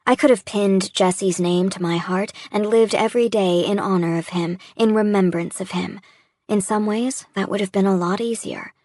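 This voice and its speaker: A woman giving a reflective, measured first-person audiobook narration. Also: mid-range voice, fairly even intonation, a little mellow, dry recording.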